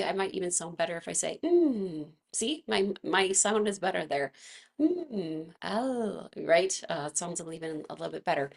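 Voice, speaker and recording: Gravelly-voiced woman teaching a gentle class. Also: fairly low pitch. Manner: chatty and gentle, laughs often. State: slightly froggy voice from vocal fatigue. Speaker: movement class instructor. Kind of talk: casual live online class instruction.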